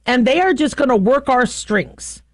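A middle-aged woman hosting a casual commentary, talking in a chatty, animated way with frequent laughs and restarts. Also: high-pitched, moderate pace, no room sound. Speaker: host.

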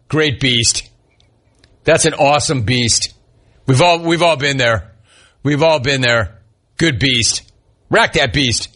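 A man's voice: mid-range voice, slow, pauses often, sharp tone, husky. A man hosting a sports talk show, reading listener messages aloud and wisecracking about each one.

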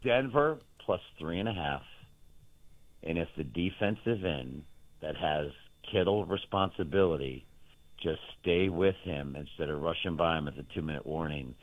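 A very deep-voiced man tells long, boastful stories about his betting picks. He rambles and circles back as he talks. His voice comes through a thin, tinny phone line with a dry sound. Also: normal speed, no room sound. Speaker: sports betting handicapper. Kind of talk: casual chat on a show.

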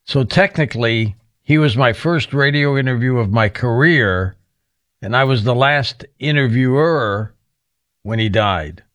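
A man's voice: mid-range voice, measured pace, a bit bright, no room sound, studio quality. A man hosting an interview, speaking reflectively in a conversational way. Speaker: interviewer, host.

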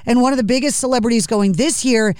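A woman radio host speaks in a smooth, resonant voice. The sound is dry and close. She is chatty and quick to react. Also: fairly high pitch, darkish tone, no room sound. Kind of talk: radio interview hosting.

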